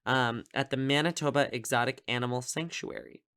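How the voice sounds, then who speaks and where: A podcast host with a mid-range, clean, fairly bright voice talks fairly quickly in a casual solo movie review. He rambles through the film with lots of fillers and amused asides.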